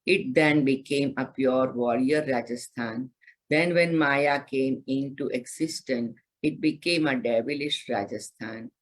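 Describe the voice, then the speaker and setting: Slow, breathy woman giving a spiritual talk. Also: rumbling low, rough recording. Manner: gentle, unhurried, guiding listeners through meditation. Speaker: spiritual teacher. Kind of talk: slow devotional scripture reading with commentary.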